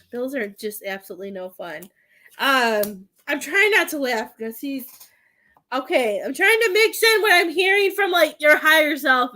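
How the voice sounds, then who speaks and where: A woman's voice: a little high, bright, forceful tone. A woman working as a psychic medium, chatting through a live tarot and mediumship reading in a giggly, rambling way with many fillers.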